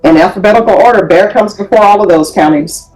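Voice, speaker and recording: A woman's voice: mid-range voice, quick pace, darkish tone, soft background music, rough recording. A woman judge in a courtroom, speaking in a stern, lecturing way. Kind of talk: courtroom proceedings.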